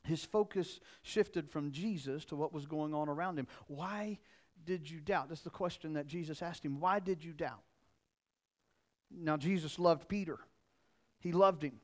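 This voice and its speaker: Middle-aged male preacher, slightly raised pitch, earnest, dynamic sermon delivery. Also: normal speed. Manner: earnest, repeats phrases, swings between loud emphasis and quiet. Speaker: pastor.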